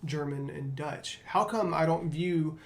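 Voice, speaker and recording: A man's voice: a little high, unhurried, gravelly. A man hosting a casual discussion, reflective and storytelling, with frequent fillers. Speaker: podcast host.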